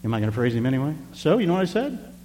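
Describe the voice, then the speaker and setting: Guy preaching a story to the church, lively, echoey hall, low hum behind. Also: very fast. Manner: animated, talks straight to the congregation. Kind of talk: sermon storytelling. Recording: reverberant hall with faint hum.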